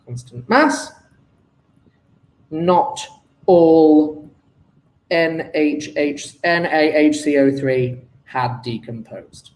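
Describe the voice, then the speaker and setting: A chemistry tutor works through an exam paper, thinking aloud and muttering to himself as he does the calculations. His voice is slightly high and slow, and the room sounds echoey.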